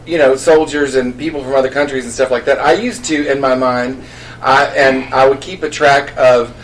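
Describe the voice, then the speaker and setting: A man's voice: medium pitch, normal speed, a little hiss or hum. A man in casual podcast chat, giggling and telling stories. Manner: giggly, chatty storyteller. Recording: distant mic.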